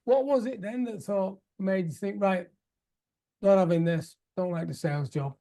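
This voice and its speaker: A man hosts a casual interview podcast in a notably high voice. He asks chatty, curious questions and drops in short encouraging replies. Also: moderate pace, creaky, warm tone. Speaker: podcast host.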